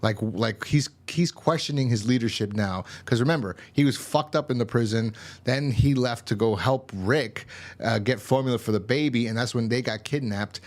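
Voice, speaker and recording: A man's voice: medium pitch, moderate pace. A man casually recapping a TV episode in a rambling way, with many fillers and restarts. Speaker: TV episode reviewer.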